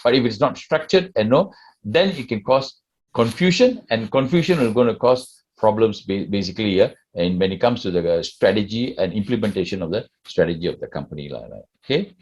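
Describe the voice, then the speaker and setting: A man's voice: on the low side, animated, brisk, darkish tone. A man with a Malaysian English accent giving a classroom lecture and often asking the class questions. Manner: asks the class questions, tags sentences with "lah".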